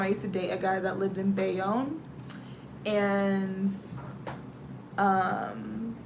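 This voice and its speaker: A woman's voice: mid-range voice, creaky, background noise. A woman with a Southern US accent hosting a casual livestream chat, telling stories with dramatic exclamations and reading out viewer comments. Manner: animated storyteller with dramatic exclamations. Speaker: livestream host.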